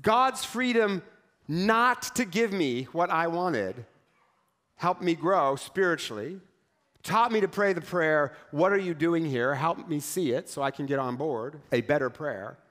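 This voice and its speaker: A man preaching a sermon with a fairly high voice. He talks in a relaxed, conversational way, dropping wry jokes and acting out small asides as he tells his stories. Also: unhurried. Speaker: pastor.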